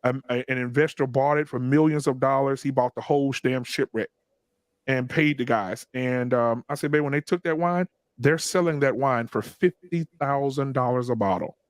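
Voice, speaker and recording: A man's voice: medium pitch, moderate pace, dry recording. Blunt, profane man telling stories. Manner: blunt, profane, animated storytelling with acted quotes. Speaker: podcast co-host. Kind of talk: casual group chat, storytelling.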